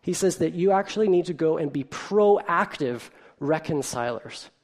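Pastor preaching, middle-pitched voice, asks the room questions, tells it like a story. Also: normal speed. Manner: animated storytelling with rhetorical questions and filler ums. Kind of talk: sermon.

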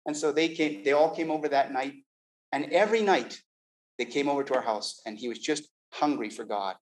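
A man's voice: a little high, fairly quick, rough recording. A man telling a personal faith testimony, stumbling over and repeating words as he acts out what others said. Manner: animated, repeats words, acts out quoted dialogue. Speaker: Christian giving a personal testimony. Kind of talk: storytelling testimony.

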